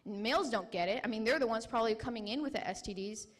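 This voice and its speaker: Speaking at a conference, a young woman veteran offers a personal testimony with a slightly high voice. She falters with emotion and keeps starting her sentences over.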